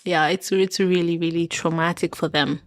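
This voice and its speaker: A woman's voice: lowish voice, fairly even intonation, normal speed, dry recording. A woman from Kenya in her thirties, a podcast guest telling a personal story with emotion, laughing often. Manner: candid and emotional, laughs often, acts out quoted voices.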